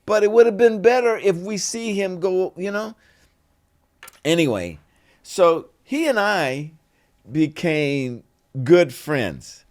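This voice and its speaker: A man's voice: high voice, takes it slowly. An older man, a guest actor in an interview, telling stories and acting out bits of dialogue. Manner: animated, acts out dialogue in voices. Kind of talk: casual interview storytelling.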